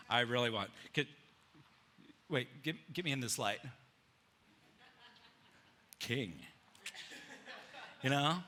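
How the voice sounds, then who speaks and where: Bright, animated man preaching. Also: mid-range voice, unhurried, pauses often. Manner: animated storytelling, acting out biblical characters with casual slang. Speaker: pastor. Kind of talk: sermon. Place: church sanctuary with slides.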